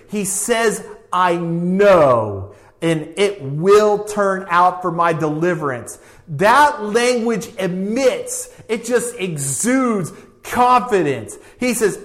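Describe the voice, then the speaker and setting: A man's voice: high-pitched, fairly bright tone. A man preaching a sermon with an emphatic, repetitive cadence, reading scripture aloud. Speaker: pastor.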